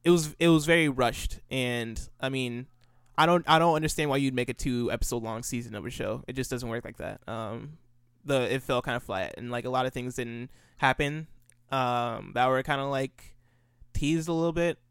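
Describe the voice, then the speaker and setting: Smooth-voiced man chatting loosely. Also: mid-range voice, moderate pace, fairly bright tone, no room sound, studio quality. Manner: rambling, restarts often, laughs easily. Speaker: co-host. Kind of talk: casual podcast chat.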